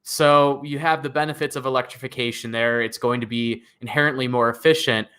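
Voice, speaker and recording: A man with a bright, forceful voice co-hosts a live car news chat. He rambles and piles up fillers as he works toward his point. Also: mid-range voice. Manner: rambling, heavy on filler words like "like" and "you know". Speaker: co-host of a car news show. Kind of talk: casual live-stream chat.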